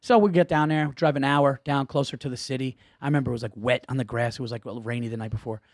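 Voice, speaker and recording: A man talks quickly and animatedly as he tells a story, swearing freely and acting out the people in it. His voice sits in a middling pitch. The sound is dry and close, with no room echo. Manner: animated, profane anecdote telling. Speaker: podcast guest. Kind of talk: casual storytelling.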